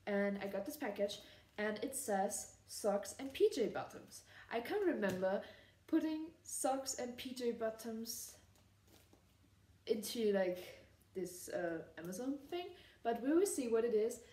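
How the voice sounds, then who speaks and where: A woman's voice: fairly high pitch, mellow. Giggly young woman in an echoey room. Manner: gushing, giggly, lots of fillers. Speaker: vlogger. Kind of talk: casual unboxing vlog. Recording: echoey room, mic at a distance.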